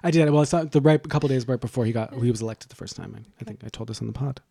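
A man co-hosting a podcast in casual chat, rambling and joking with quick asides. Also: medium pitch, vocal fry, warm tone, slightly rough, no echo, studio quality. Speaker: podcast co-host.

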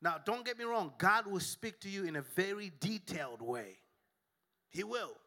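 A man's voice: high voice, lively intonation, normal speed, bright, forceful tone. A male pastor preaching a sermon in a church, emphatic and humorous, calling out for responses from the congregation.

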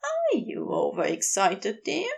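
A woman voicing a fussy, gentle male angel who speaks softly with fond amusement. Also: wildly swooping pitch, takes it slowly, creaky, full character voice. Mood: teasing. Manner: soft and high, amused.

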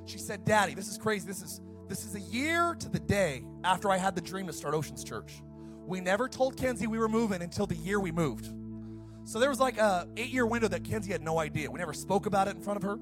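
A middle-aged male pastor preaching a sermon, fired up and shouting at times, then dropping to a soft storytelling voice. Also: sits high, expressive, fast, music in the background.

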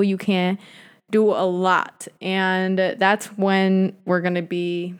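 A woman's voice: medium pitch, clear, resonant tone. A young woman talking casually to camera in a chatty, conspiratorial monologue with slangy asides.

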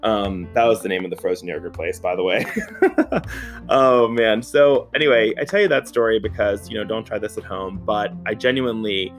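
Lively, swearing man with a lowish voice. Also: normal speed, faint music behind. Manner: animated, profane, laughs while telling. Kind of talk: casual anecdotal storytelling.

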